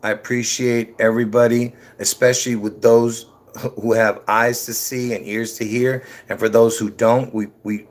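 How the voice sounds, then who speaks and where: A man hosting a rambling religious livestream, repeating himself and bursting into excited emphasis, his words a little slurred from dentures. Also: lowish voice. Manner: chuckles at his own slips. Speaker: livestream host.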